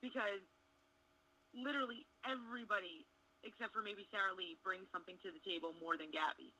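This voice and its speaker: A woman's voice: medium pitch, fairly even intonation, a little fast, bright, forceful tone, rough recording. A young woman chatting frankly and bluntly as an interview guest. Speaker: interview guest, wrestling contestant. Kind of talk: casual interview chat.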